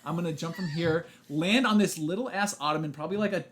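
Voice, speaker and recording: Animated young man telling stories. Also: on the high side, fast talker, slight background noise. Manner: animated, laughing storyteller who acts out quotes with lots of "like". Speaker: podcast co-host. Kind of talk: casual chat, storytelling.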